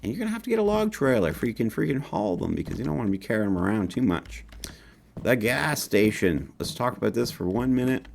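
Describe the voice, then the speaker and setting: A man's voice: mid-range voice, big pitch swings, quick pace, gravelly, a little hiss or hum. A man from northern Canada with a slight northern Canadian accent, a game developer giving a casual, upbeat walkthrough of his game with folksy asides. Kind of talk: gameplay walkthrough commentary.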